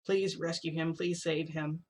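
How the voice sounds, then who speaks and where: A woman's voice: sits low, steady tone, a little slow, darkish tone, a little hiss or hum. Woman quoting a pleading distraught young man. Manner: insistent, repetitive pleading.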